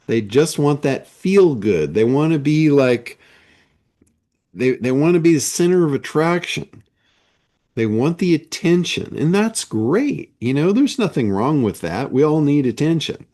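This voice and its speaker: Brief: male coach, unhurried measured delivery, emphatic rhetorical style, mid-pitched. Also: a little mellow. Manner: slow, emphatic, with rhetorical questions. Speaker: business coach. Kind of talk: motivational monologue.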